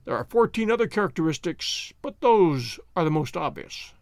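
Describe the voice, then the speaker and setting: A man reading an audiobook, voicing a calm, confident male detective who speaks in a measured, suave, lecturing way. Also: fairly high pitch, no echo, clean studio sound.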